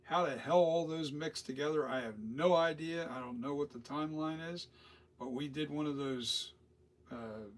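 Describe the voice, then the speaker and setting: A man's voice: medium pitch, normal speed. A middle-aged man talking casually and loosely, swearing and repeating himself as he rambles. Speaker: host. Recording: distant mic with faint noise.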